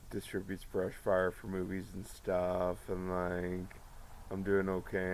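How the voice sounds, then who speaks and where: Gravelly low man rambling on. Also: slight background noise, rough recording. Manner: rambling, profane, jumps between topics. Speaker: vlogger. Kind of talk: rambling monologue to camera.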